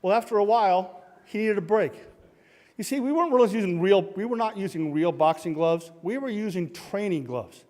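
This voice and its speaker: A middle-aged man telling a comic true story on a live stage, self-mocking and punchy, acting out shouts and sound effects. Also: high voice, lively intonation, brisk. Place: large hall, live stage. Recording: long hall reverb from a live stage.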